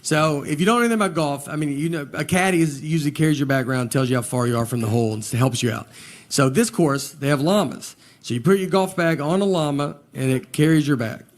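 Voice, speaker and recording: A man, telling stand-up stories in a drawling, deadpan way before a laughing audience. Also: a little high, quick pace. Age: 40s. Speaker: stand-up comedian. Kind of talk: stand-up comedy set. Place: live venue with laughing audience.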